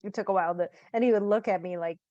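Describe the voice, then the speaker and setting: A woman's voice: medium pitch, rapid-fire, warm tone, dry recording, highs cut off. A woman co-hosting a parenting podcast who laughs often while telling stories in casual chat.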